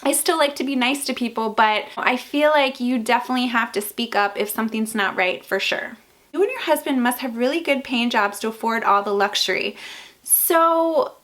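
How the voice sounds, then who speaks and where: A woman in her forties with a fairly high voice talks straight to her viewers. She is bubbly and chatty, with lots of energy. Her delivery stays casual and expressive. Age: 40s. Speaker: lifestyle YouTuber. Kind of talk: casual chat to camera.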